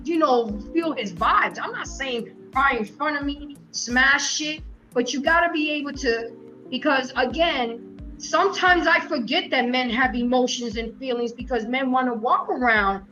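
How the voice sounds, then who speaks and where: A woman's voice: high voice, lively intonation, measured pace, sharp tone, soft background music. A woman hosting a casual panel debate, talking emphatically and telling stories from her own life, over slightly dull lo-fi stream audio. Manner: emphatic and storytelling. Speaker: show host.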